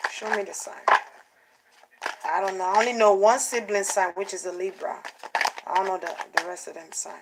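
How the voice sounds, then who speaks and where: A woman doing a casual spiritual card reading for her channel, talking in an animated way, repeating phrases and acting out what others might say. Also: medium pitch, heavy background noise. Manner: animated, repeats herself, acts out quotes. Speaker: tarot card reader.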